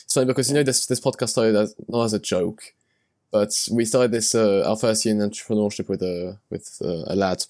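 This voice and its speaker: A man's voice: on the low side, steady tone, a little fast, a little mellow. A man hosting a podcast, talking loosely, with hesitant fillers and the odd curse word. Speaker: podcast host. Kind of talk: casual podcast conversation.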